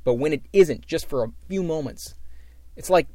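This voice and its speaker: A man's voice: a little high, moderate pace, darkish tone, dry recording. A man co-hosting a casual chat, talking in a rambling, reflective way with many restarts. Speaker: podcast co-host.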